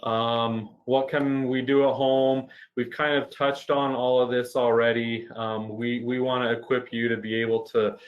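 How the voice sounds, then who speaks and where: A man co-hosting a physical therapy webinar, friendly and a bit halting, often repeating words as he restarts. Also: mid-range voice, little pitch movement, highs cut off. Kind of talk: casual webinar talk.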